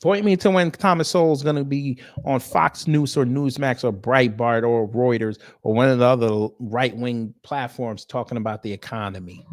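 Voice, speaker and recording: A man's voice: mid-range voice, steady tone, moderate pace, few pauses. Blunt mocking man, casual commentary. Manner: blunt, mocking, talks straight to the audience; swearing, slangy. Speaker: host.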